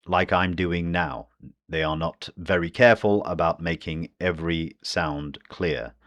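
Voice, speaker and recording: Deep-voiced British English teacher. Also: male voice, a bit bright. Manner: slow, deliberate modelling of phrases. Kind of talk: pronunciation lesson.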